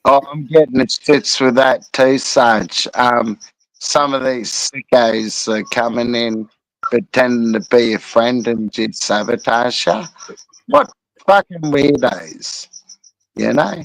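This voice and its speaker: A man's voice: mid-range voice, takes it slowly, creaky, dry recording, rough recording. An Australian man chatting on a livestream, giving laid-back, sweary banter. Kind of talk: casual livestream chat.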